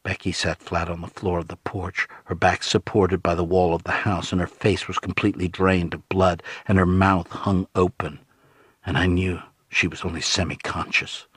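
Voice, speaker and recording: A man with a husky voice, narrating an audiobook in a low, grave, hushed tone. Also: little pitch movement, moderate pace, no echo, studio quality.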